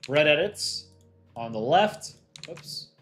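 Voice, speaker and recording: A man's voice: fairly high pitch, expressive, slow, fairly bright tone, faint music behind. A man who voices cartoon characters, hosting a casual livestream and reading viewer chat aloud as he runs polls. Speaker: livestream host and voice actor.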